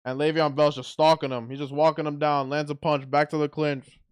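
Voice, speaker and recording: Guy doing live boxing play-by-play, clean smooth voice, blunt and excitable, trips over his words. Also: on the high side, brisk. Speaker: watch party commentator. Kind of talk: live fight commentary.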